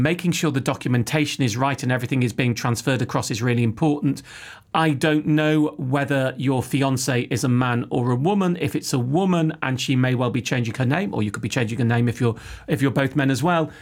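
Gravelly podcast host. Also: male voice, mid-range voice. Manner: chatty, jokey, explains at length. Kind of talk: casual podcast Q&A.

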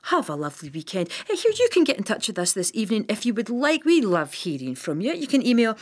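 A woman's voice: medium pitch, sing-song, fast talker. A woman presenting a folk music radio show in a chatty, teasing way. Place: radio studio.

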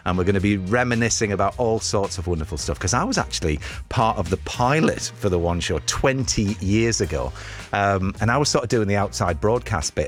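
A man hosting a radio show, talking in a chatty, enthusiastic way with plenty of fillers. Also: lowish voice. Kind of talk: lively radio presenting.

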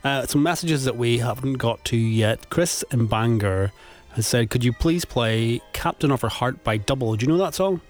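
A man's voice: mid-range voice, moderate pace. Male radio host, jokey casual chat, music faint behind. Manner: jokey, reads listener messages. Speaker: radio presenter.

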